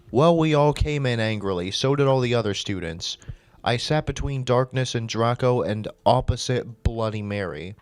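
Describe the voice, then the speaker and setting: A man's voice: medium pitch, normal speed, no room sound. A man doing a comedic reading aloud, breaking off into exasperated, swearing reactions. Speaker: video creator.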